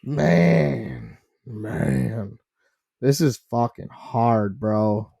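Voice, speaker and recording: A man's voice: on the low side, wildly swooping pitch, extremely slow, vocal fry, mellow. A man co-hosting a podcast, telling rambling, profane stories and laughing often as he talks. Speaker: podcast co-host. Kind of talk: casual chat.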